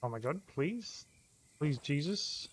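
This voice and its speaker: A man's voice: fairly high pitch, animated, takes it slowly, slightly rough. A man streaming a survival game, swearing freely and talking himself through the play. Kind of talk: live gameplay commentary. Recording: faint background noise.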